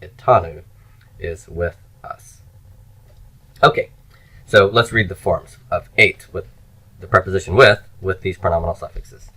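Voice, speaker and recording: A man's voice: low-pitched, a little slow, long pauses, pushed and bright, low-quality recording. A man teaching Hebrew grammar in a recorded lecture, explaining step by step and chanting word forms for students to repeat.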